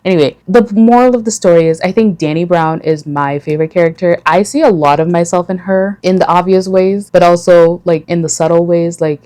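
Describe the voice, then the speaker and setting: A woman's voice: low voice, a little mellow. A woman chatting in a casual book vlog, gushing and rambling with many asides. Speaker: book vlogger.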